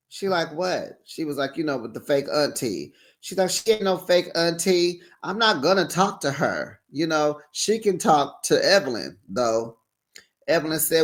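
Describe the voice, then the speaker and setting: A man hosting a casual recap show, sassy and animated, often laughing and acting out what people said. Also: fairly high pitch, normal speed.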